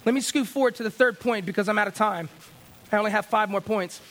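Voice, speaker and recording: A middle-aged male pastor with a slightly high-pitched voice, preaching in a loose, conversational storytelling way. He restarts phrases often and leans into his points with growing emphasis. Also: fast talker, a bit bright. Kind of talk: sermon.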